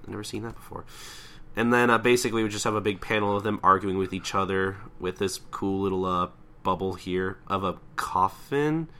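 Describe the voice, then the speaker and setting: A man's voice: sits low, fairly quick, fairly bright tone. A man co-hosting a podcast in casual chat, laid-back, with dry comments and casual swearing. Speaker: podcast co-host.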